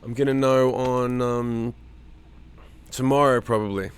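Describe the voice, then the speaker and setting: A man's voice: medium pitch, fairly even intonation, measured pace, clean tone. Casual swearing man chatting with his stream. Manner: loose, swears freely, talks to chat by name. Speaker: streamer hosting a live chat. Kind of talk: casual livestream chat reading viewer comments. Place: home.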